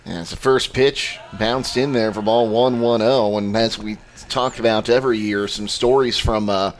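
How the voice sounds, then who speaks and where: A man doing live radio play-by-play of a high school baseball game, briskly calling each pitch and count. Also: fairly even intonation, a little hiss or hum. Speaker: play-by-play announcer.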